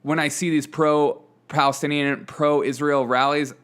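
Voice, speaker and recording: A man's voice: fairly high pitch, level tone, measured pace, fairly bright tone, smooth. A man hosting a political commentary show, reading headlines and making sarcastic asides, often laughing between stories. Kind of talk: casual news commentary.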